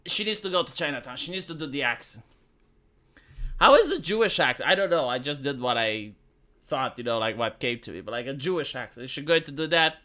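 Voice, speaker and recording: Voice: mid-range voice, expressive, fast, pushed and bright. A streamer from Romania, giving rambling, sarcastic commentary with lots of fillers. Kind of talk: casual commentary vlog.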